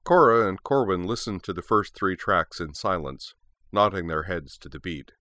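Deep-voiced man reading a story. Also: moderate pace, bright, forceful tone, no room sound, clean studio sound. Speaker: narrator.

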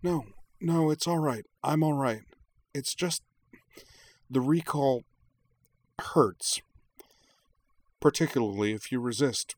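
A man voicing a frightened young woman in pain, speaking in a hushed, strained way. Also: medium pitch, takes it slowly, long pauses, no echo, pitched above the performer's own voice. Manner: hushed, strained, breaking into pained cries. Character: frightened pained young woman warning a friend.

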